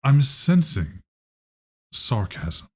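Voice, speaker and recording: A man voicing a confused, rambling male vampire elder who talks slowly and vaguely. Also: medium pitch, sing-song, husky, voice pushed up, full character voice. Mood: bemused.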